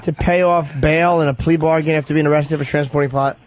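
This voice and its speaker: A man's voice: a little high, fairly even intonation, brisk. A man co-hosting a talk radio show, joking crudely and stumbling over his words. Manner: crude joking, stammering restarts. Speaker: co-host. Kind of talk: casual radio banter.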